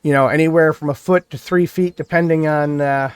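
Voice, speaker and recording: A man's voice: on the high side, steady tone, fairly quick, clean tone, dry recording. A man from New York State chatting casually on a live game stream, rambling and thinking aloud as he plays. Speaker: gaming streamer. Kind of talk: casual live-stream chat while playing.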